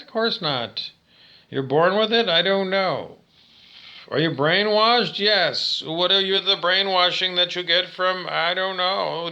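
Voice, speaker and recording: A man's voice: high-pitched, vocal fry, bright, forceful tone, highs cut off. A man talking straight to his viewers in a monologue, ranting, swearing and asking questions he answers himself. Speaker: vlogger. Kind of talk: direct-to-camera monologue.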